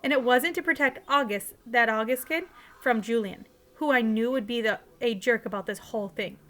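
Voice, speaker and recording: A woman's voice: fairly high pitch, moderate pace, fairly bright tone. A woman teacher reading a novel aloud in a casual, conversational way, sometimes restarting a line.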